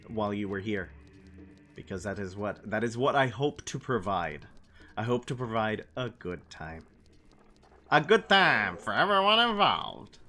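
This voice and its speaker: A young man streaming a game chats in a mid-range, slightly bright voice. His talk is casual and rambling, and he answers messages from his chat out loud.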